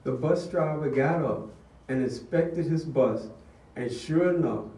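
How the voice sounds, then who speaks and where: An older man shares a sermon-style testimony in an earnest, storytelling manner. His voice sits a touch high, and the recording rings with room echo from a mic set some way off. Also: measured pace, dark tone. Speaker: speaker giving a testimony. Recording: echoey room, distant mic.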